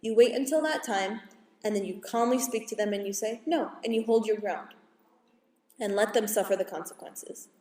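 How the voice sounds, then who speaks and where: A woman school psychologist giving a calm, explanatory parenting talk to an audience, now and then acting out what parents and kids say. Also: mid-range voice, moderate pace. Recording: echoey hall from far off.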